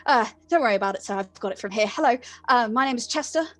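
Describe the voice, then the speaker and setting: A woman's voice: a little high, animated, quick pace, no echo, pitched above the performer's own voice, close to an everyday voice. A woman voicing a lanky, nervous young male library assistant who is eager and flustered.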